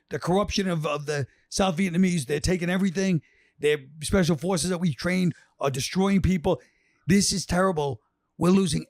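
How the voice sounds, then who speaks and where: Fast-talking man telling rambling stories. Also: sits high, a little mellow, no room sound, studio quality. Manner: rambling storyteller, acts out quotes. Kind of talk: casual chat.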